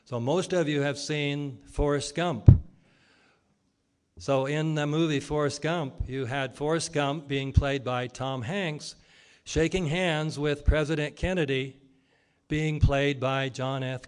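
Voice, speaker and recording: A man giving a public lecture in an argumentative way, posing rhetorical questions and pausing with frequent ums and uhs. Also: a little high, darkish tone, smooth.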